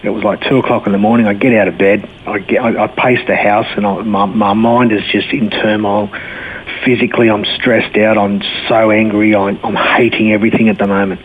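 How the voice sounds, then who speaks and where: A man's voice: fairly low pitch, little pitch movement, a little fast. A man in his forties with an Australian accent, a blunt, laid-back guest telling his life story and laughing easily. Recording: tinny phone-line sound, faint hiss.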